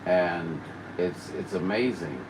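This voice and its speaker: A man's voice: deep voice, slow, far from the mic, background noise. A man hosting a CB radio livestream, rambling and grumbling in folksy casual chat.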